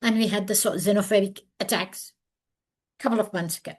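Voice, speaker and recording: This woman, who came from overseas and lives in South Africa, is presenting a webinar lecture by video call. She speaks earnestly and emphatically, recounting her story very animatedly. Her mid-range voice has fairly even intonation, a breathy edge, and a fairly quick pace.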